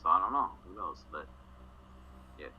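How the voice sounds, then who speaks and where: A man's voice: low-pitched, expressive, moderate pace, narrow, tinny audio, slight background noise. A man co-hosting a casual podcast, laughing and riffing as he quotes characters from a show. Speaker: podcast co-host. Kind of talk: casual chat recapping a TV episode.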